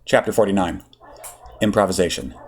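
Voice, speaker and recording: A man reading a story aloud in a lively way, with casual asides. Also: deep voice, brisk, slight background noise. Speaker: reader. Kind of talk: reading fan fiction aloud.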